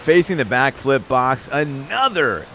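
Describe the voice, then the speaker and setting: Bright-voiced upbeat male game streamer. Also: medium pitch, very animated, unhurried, a little hiss or hum. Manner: chatty, upbeat, talks straight to viewers in chat. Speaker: live-stream host and game commentator. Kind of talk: live-stream chat and play-by-play commentary.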